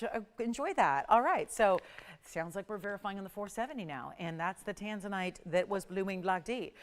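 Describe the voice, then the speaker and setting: A middle-aged woman works a home shopping studio, her voice smooth and clear at an ordinary middle pitch. She pitches jewelry with upbeat, persuasive patter, building excitement as she counts the price down. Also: normal speed. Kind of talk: live TV jewelry sales pitch.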